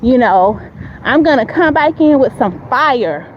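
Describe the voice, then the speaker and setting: A woman's voice: high-pitched, expressive, a little slow, muffled recording, slight background noise. A woman giving a motivational faith talk on a walk, emphatic and repetitive like a preacher, recorded on a phone.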